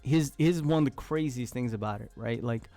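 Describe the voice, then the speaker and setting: A man's voice: medium pitch, normal speed, dark tone, no echo, faint music behind. A man chatting casually with his live-stream chat as host, playful and laughing often, trying out silly voices.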